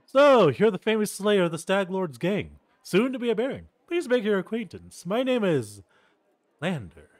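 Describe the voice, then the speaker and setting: A man voicing a polite, eager young male noble heir with a smooth, earnest manner, reading game dialogue aloud. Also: high voice, very animated, moderate pace, no room sound, voice pushed up. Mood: courteous.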